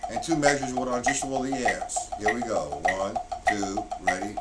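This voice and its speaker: A man teaching a drum lesson on a live stream, counting beats out loud and punching the accented ones. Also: on the low side, normal speed, hardly any pauses. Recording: distant mic, loud background noise.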